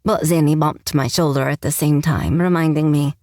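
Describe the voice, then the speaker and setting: A woman's voice: deep voice, fairly even intonation, moderate pace, darkish tone, no room sound. A woman narrating a first-person romance audiobook with a wry, sarcastic tone, on a close mic.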